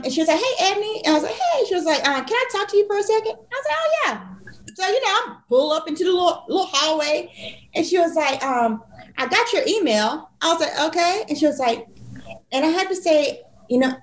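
A woman tells a story in a loose podcast chat, lively and expressive as she acts out each exchange in quoted voices. Her voice sits a little high. The room around her is echoey. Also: slight background noise. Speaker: podcast co-host and physician.

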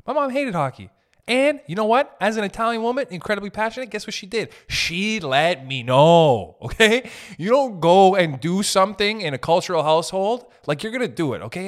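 A young man hosting a podcast, ranting in a comedic, animated way, swearing and laughing as he goes. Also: fairly high pitch, moderate pace. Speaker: podcast host. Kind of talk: comedic rant.

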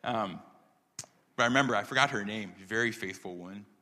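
A man's voice: lowish voice, fairly quick, bright, forceful tone. A man from upstate New York preaching a testimony sermon, earnest and conversational, with many ums, building to emphatic points. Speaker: pastor. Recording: long hall reverb.

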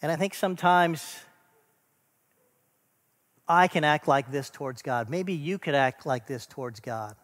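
A man's voice: fairly high pitch, a little slow, long pauses. Earnest preacher man in a reverberant hall. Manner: earnest, builds to emphatic lists then drops soft. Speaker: pastor. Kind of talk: sermon.

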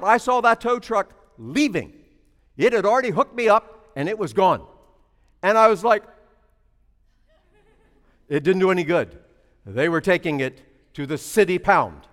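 A man preaching a sermon, telling a story and then building to loud, emphatic preaching. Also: high voice, long reverb tail.

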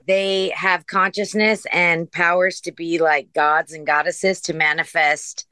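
Woman guest, lowish pitch, dry sound, blunt and heated. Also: flat delivery, measured pace, sharp tone, clean tone, no room sound. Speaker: podcast guest. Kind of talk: casual chat.

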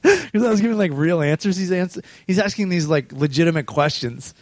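Speaking briskly in a high-sitting voice, a male comedian swaps gig stories in casual podcast chat, cursing freely and animatedly impersonating the people he quotes. The recording is dry.

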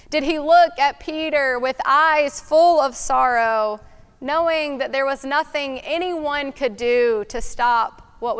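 A woman preaching a sermon in a slow, reflective way, asking questions aloud. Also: high-pitched, fairly bright tone.

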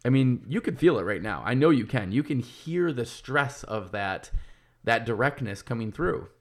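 A man's voice: medium pitch, lively intonation, normal speed. A man in his thirties talking casually and candidly, swearing freely and restarting his sentences as he thinks aloud. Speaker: podcast host and business owner. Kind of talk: casual monologue.

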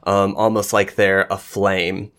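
A man narrating a tabletop game as game master, casual and halting, with frequent restarts. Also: deep voice, level tone, a bit bright, smooth.

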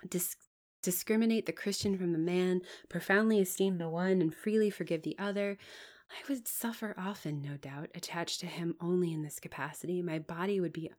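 A woman narrating a classic novel in the first person, measured and expressive, at times dropping to a hush. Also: fairly low pitch. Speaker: audiobook narrator.

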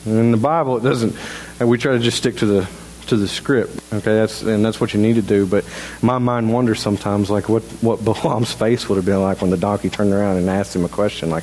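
A man preaching a sermon in a church in a halting, conversational way, full of restarts. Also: lowish voice, a little mellow, a little hiss or hum, low-quality recording. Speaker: pastor. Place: church sanctuary.

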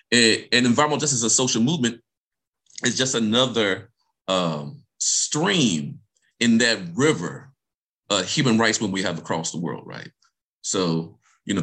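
A man's voice: medium pitch, a bit bright. A man speaking as a guest presenter, delivering a passionate talk with emphatic, repeated phrases and frequent check-ins like "right?".

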